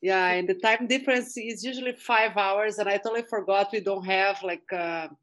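Podcast guest, Brazilian woman, accented second-language English, mid pitch, frank. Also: moderate pace, fairly bright tone. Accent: Brazilian Portuguese. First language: Portuguese. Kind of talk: casual interview chat.

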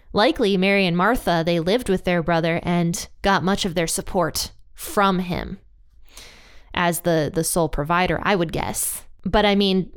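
A woman's voice: on the low side, smooth. A woman hosting a Bible study podcast, talking through a passage in an earnest, reflective way. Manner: earnest and reflective, with frequent restarts. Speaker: Bible teaching podcast host. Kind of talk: casual Bible study talk.

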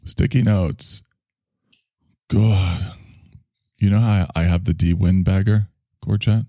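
A man's voice: low-pitched, steady tone, slow, warm tone, dry recording, studio quality. A man hosting a casual solo chat show, rambling with sarcastic asides and sighs. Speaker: host.

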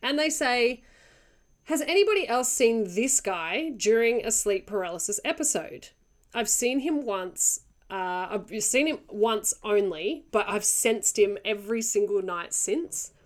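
A woman's voice: a little high, expressive, unhurried. Giggly woman rambling on a podcast, reads stories out, goes off track. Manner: giggly, chatty, digresses. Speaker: podcast co-host. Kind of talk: casual chat, reading stories aloud.

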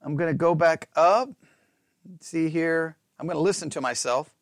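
A pastor chatting in a rambling, animated, self-mocking way while testing his lapel mic in a small closed-in room. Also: a little high, moderate pace, dry recording, clean studio sound. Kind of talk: casual talk while testing a microphone. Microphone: wireless lapel mic with belt-clip transmitter.

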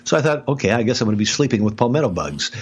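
A man telling a story in a casual podcast conversation, animated, with many restarts and sudden jumps in pitch. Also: very fast, breathy edge. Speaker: podcast guest expert, speaker and author.

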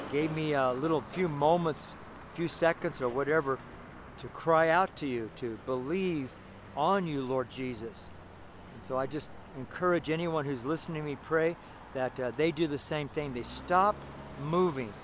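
A man preaching a street sermon outdoors by a busy intersection, talking in an earnest, rambling way with many fillers and restarts. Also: a little high. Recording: noisy street recording with traffic. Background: loud traffic noise.

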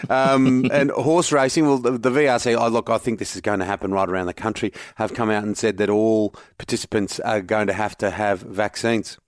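A man's voice: on the low side, steady tone, brisk, few pauses, dry recording, clean studio sound. A man hosting a sports podcast, joking and teasing in casual chat. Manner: jokey, teasing.

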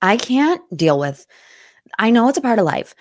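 A woman's voice: fairly high pitch, very animated, normal speed, darkish tone. A young adult woman hosting a casual pop culture podcast, chatty and gossipy. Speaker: podcast host.

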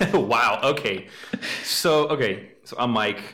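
A man's voice: mid-range voice, expressive, takes it slowly, sharp tone. Laughing Eastern European man, echoey room. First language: not English. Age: 20s. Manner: laughing often, loose and joking. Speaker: podcast co-host. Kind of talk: casual podcast chat.

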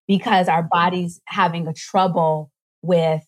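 A woman guest on a podcast, explaining nutrition in a casual, animated way and acting out little voices as she goes. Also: on the low side. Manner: animated, acts out voices in quick asides.

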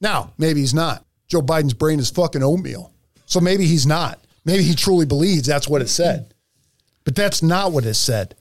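A man's voice: fairly high pitch, animated, normal speed. A man hosting a podcast, ranting profanely through heated political commentary. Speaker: podcast host.

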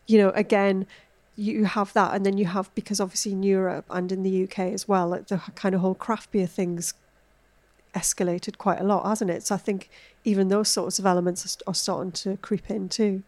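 A woman's voice: mid-range voice, a little fast. A woman, a food editor chatting as a podcast guest and telling stories with many fillers. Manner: chatty, animated storytelling, frequent fillers. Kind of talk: casual food chat.

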